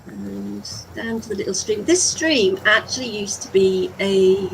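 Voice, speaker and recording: With a medium pitch that swoops wildly and an unhurried delivery, a middle-aged English woman vlogs while walking outside. She talks to viewers in a rambling, casual way, recorded on a handheld camera against background noise.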